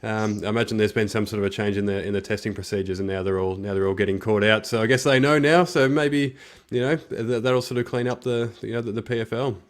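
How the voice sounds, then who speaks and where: A man's voice: lowish voice, steady tone, fast talker. A man hosting a fight podcast, speaking carefully with many ums and hedges. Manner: hesitant, full of ums and hedges. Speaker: podcast host. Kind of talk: casual podcast chat.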